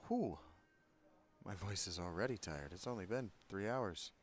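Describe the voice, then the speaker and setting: A man's voice: sits low, lively intonation, normal speed. A man hosting a let's play, casually commenting on a video game with joking, rambling asides.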